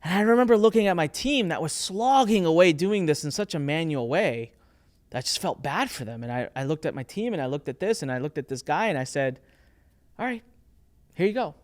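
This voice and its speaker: Man, thirties, somewhat high voice, candid storytelling, animated quoted voices. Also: a little fast. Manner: animated, acts out quoted people with shifting pitch. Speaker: business owner telling a story.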